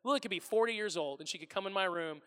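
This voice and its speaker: A man in his thirties, a pastor telling funny stories about his family in a sermon, animated and self-deprecating, acting out his household's voices. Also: sits high, quick pace, smooth, big-room sound. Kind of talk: humorous sermon storytelling. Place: large church hall before a congregation.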